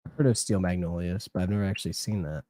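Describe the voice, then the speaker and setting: Rambling, laughing young man, low voice. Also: quick pace, dark tone, dry recording, clean studio sound. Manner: rambling, laughs a lot, swears casually. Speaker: co-host of a live stream. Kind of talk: casual chat.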